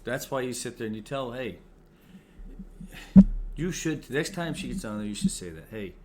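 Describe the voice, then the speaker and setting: A man's voice: mid-range voice, lively intonation, fast, a loud crowd. A man in casual conversation, co-hosting, talking bluntly and arguing his point, swearing now and then. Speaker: co-host, bereaved father. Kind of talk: casual chat.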